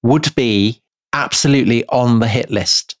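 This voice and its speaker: A man's voice: medium pitch, measured pace, no room sound. Man, podcast co-host, prompting questions, dry asides, dry sound. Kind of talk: history podcast chat.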